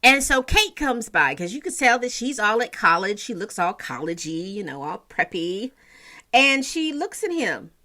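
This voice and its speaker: Chatty woman with a bright voice. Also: medium pitch, very animated, moderate pace. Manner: chatty storytelling with endearments. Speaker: TV episode recapper. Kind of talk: casual recap.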